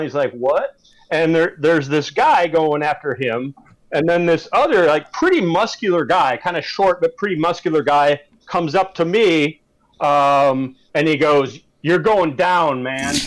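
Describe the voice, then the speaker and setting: A young man from Wisconsin telling a story about a street fight to friends, in a measured, deliberate way. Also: a little high, low-quality recording. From Madison, Wisconsin. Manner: measured, deliberate build-up with hesitations. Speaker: tabletop game player. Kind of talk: casual storytelling among friends.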